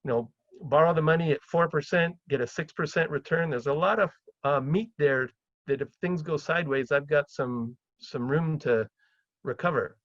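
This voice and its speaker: A middle-aged man from Canada talks through property investing at a seminar, slipping into brighter, higher voices when he acts out calls to sellers. His voice sits a little high for a man. The recording is dry and slightly dull. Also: normal speed, no room sound. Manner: chatty, anecdotal, acts out phone calls in a lively higher voice. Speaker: real estate investor speaking at a seminar. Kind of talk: seminar talk.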